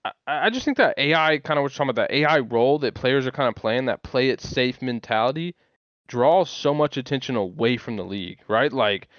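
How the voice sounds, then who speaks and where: A man co-hosting a casual podcast, making points in an animated, slangy way. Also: mid-range voice, fairly quick, no room sound, muffled recording. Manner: animated, storytelling, uses slang. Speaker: podcast co-host.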